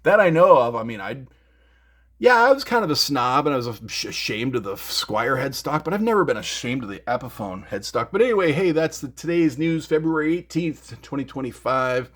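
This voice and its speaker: This middle-aged man's mid-range voice is brisk and fairly bright, with big swings in pitch. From his home music room he hosts a music gear news show, rambling and joking casually with lots of fillers and restarts.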